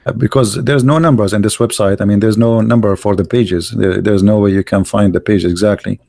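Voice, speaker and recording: A man giving combative religious commentary while reading from texts, mocking and arguing, often pausing with fillers as he hunts for pages. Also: fairly low pitch, fairly even intonation, vocal fry, mellow, dry recording, studio quality. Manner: mocking, insulting and argumentative; halting, with many fillers while searching pages.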